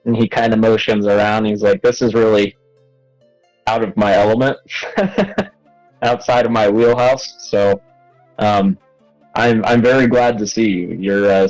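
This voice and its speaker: Brief: low, slow man role-playing at a tabletop game, halting delivery, faint music behind. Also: a little mellow, dry recording, low-quality recording. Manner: hesitant, laughs often, lots of fillers. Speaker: player. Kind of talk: tabletop role-play, casual.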